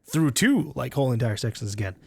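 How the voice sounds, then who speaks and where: A gaming YouTuber playing through a horror game, thinking aloud, swearing and yelling at the screen. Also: male voice, mid-range voice, a little fast, vocal fry, breathy edge, no echo. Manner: excitable, swears, shouts at the game. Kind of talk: horror game let's play commentary. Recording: game music behind the voice.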